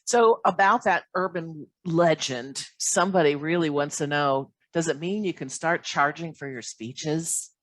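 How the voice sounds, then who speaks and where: A woman with a lowish voice moderates a live Q&A over a video call. She asks her questions in a friendly, steady, conversational manner, and the sound is dry, with no room echo. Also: a little slow, few pauses. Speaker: interviewer, Q&A moderator. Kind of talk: hosted Q&A.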